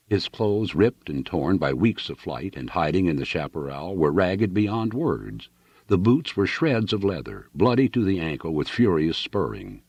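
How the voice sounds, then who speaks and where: Deep husky male storyteller. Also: darkish tone, no echo. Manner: dramatic, varied storytelling. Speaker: audiobook reader. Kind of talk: novel narration.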